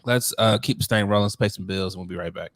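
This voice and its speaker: A man's voice: on the low side, quick pace, a bit bright, a little hiss or hum. A man co-hosting a podcast in casual chat, joking and laughing often. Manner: laughing, joking, slips into mock voices. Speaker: podcast co-host.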